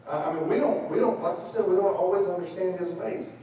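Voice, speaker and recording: A man preaching a midweek sermon as pastor, an animated storyteller who acts out the voices, far from the mic in a church sanctuary. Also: high-pitched, fast talker, very echoey, a little hiss or hum.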